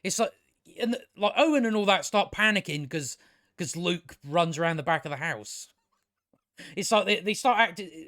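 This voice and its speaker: Sweary rambling man, high voice. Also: lively intonation, normal speed, fairly bright tone. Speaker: video reviewer. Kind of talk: casual commentary over clips.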